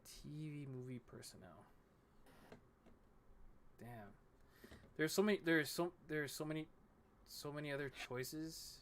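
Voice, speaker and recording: A man hosting a casual podcast chat on a headset mic, halting and repeating words as he talks. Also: on the high side, fairly bright tone, slight background noise. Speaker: podcast host.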